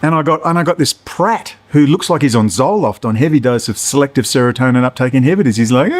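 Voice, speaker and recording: A man's voice: mid-range voice, very animated, fairly quick. A middle-aged man, delivering a profane, heated, sarcastic political rant. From Australia. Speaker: political commentator. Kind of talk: ranting monologue.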